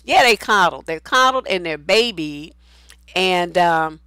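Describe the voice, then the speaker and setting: A woman's voice: fairly low pitch, animated, unhurried, bright, forceful tone, clean tone, no room sound. A woman relationship coach giving casual advice talk and answering viewer comments, blunt and outspoken, swearing freely.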